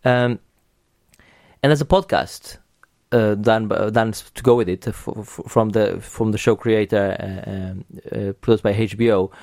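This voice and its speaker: A man's voice: lowish voice, fairly even intonation, normal speed, creaky, darkish tone, no room sound, studio quality. A man hosting a podcast in casual chat, talking enthusiastically with many restarts and casual swearing. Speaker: podcast host.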